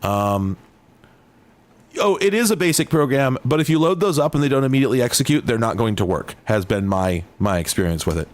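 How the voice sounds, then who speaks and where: Man, mid-pitched voice, casual retro game commentary, rambling, sardonic, self-interrupting. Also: expressive, brisk. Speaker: host. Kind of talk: casual commentary while playing retro games.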